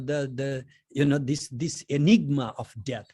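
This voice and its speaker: A man lecturing in a loose, conversational way, with frequent fillers and rising animation during his stories. His voice sits at a middle pitch, and the recording is dry and close with no room echo. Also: unhurried, few pauses, slightly rough. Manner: conversational, many "you know" fillers, grows animated in anecdotes. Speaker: lecturer on Tantra. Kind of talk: informal introductory lecture.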